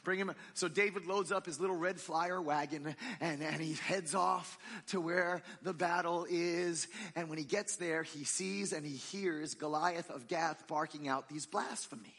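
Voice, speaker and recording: A man preaching a sermon in a church, telling a story in a lively, conversational and humorous way. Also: a little high, measured pace, few pauses, big-room sound. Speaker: pastor.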